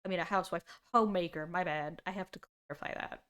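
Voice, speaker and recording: A young woman in her twenties streaming a casual reaction, talking in an animated and sarcastic way and laughing often. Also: on the low side, fast talker, smooth.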